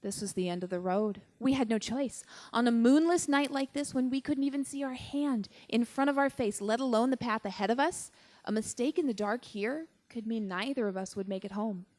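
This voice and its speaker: A young woman performing a personal story on stage at a live show, with a wry, deadpan delivery and dramatic pauses. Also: a little high.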